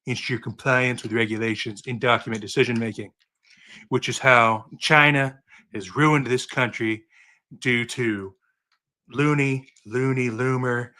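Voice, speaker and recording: A man's voice: medium pitch, fairly even intonation, bright, forceful tone. A man doing a boastful drawling politician impression. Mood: mocking. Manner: repeats insults, brags, slow drawl. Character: boastful rambling older male politician impression.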